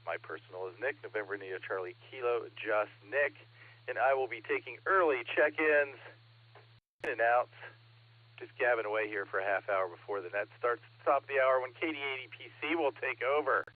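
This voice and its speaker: A man's voice: mid-range voice, a little fast. A man running a ham radio net as net control, chatting casually and reading out call signs. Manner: chatty, laughs often, reads call signs. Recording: radio transmission, narrow band.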